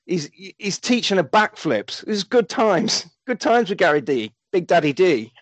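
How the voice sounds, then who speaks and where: High-voiced guy recapping a movie, jokey, sweary, dry close mic. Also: unhurried, no room sound, poor audio. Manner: animated, jokey, swears freely. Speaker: podcast host recapping a film. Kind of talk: casual comedic recap.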